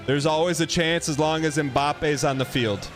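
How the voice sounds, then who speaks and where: Man, game streamer, rambling and joking, slightly high voice, faint music behind. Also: normal speed. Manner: rambling, joking, reading out chat. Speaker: gaming livestream host. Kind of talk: casual chat while streaming a game.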